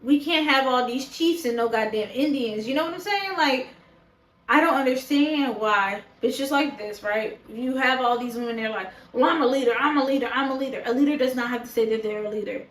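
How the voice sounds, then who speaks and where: A woman with a slightly high voice talks straight to camera about a show she is reviewing. She is blunt, opinionated and swears casually. Her voice bounces around an echoey room. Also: normal speed, a bit bright. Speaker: show reaction vlogger. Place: indoors, talking to a camera.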